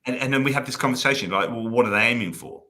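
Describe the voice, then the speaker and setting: A man talking as a guest on a live stream, halting with frequent restarts and fillers, emotional at moments. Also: mid-range voice, pushed and bright. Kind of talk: casual live-stream conversation.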